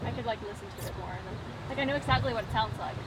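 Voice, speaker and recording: A woman's voice: on the high side, quick pace. A young woman from Sweden with a light Swedish accent, chatting casually and giggling on a small boat on a lake. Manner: giggly, excitable, trails off mid-sentence. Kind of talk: casual outdoor chat. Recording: outdoor noise from wind and boat.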